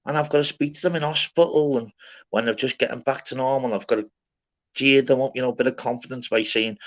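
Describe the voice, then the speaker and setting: A man's voice: medium pitch, brisk. A man in casual chat who swears constantly, calls everyone lad and mate, and rambles bluntly. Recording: slightly dull lo-fi audio.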